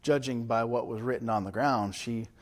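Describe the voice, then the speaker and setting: A man's voice: medium pitch, normal speed. A man preaching as pastor in a church, teaching from the Bible in a conversational way and often checking in with rhetorical questions. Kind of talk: Bible study sermon.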